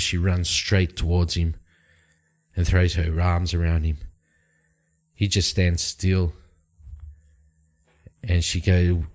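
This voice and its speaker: Deep, slow-talking man narrating a solo game. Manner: hesitant, with restarts and fillers. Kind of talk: improvised solo role-play narration.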